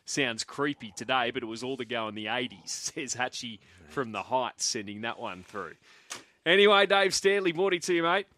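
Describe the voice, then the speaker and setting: A radio host with a bright, mid-pitched voice reads out listener messages. He sounds easygoing and offhand. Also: lively intonation, moderate pace. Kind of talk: casual radio chat.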